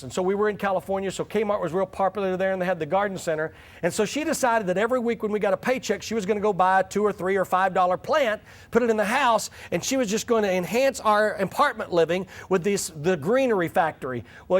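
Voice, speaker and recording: Brief: middle-aged man with a high voice, folksy joking teller of anecdotes in a talk to church leaders. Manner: folksy, humorous storyteller. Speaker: church growth speaker.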